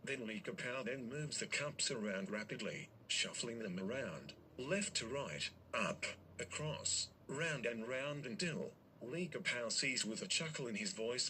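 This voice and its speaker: Male storyteller, excitable and crude, bright tone, faint background noise. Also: medium pitch, unhurried, hardly any pauses. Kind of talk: improvised story narration.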